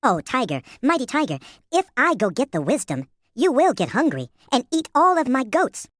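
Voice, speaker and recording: Woman doing a crafty little storybook man, pleading and flattering, high lively voice, music under it. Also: moderate pace, no room sound, clean studio sound.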